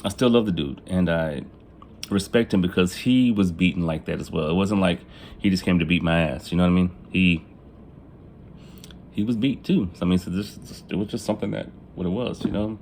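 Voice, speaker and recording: Casting note: man with a lowish voice, candid confessional vlog storytelling, faint room ambience behind. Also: a little fast, a little mellow, a little hiss or hum. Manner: casual, profane, laughs at his own jokes; acts out family members in quoted lines. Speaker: vlogger telling his life story. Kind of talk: casual storytelling.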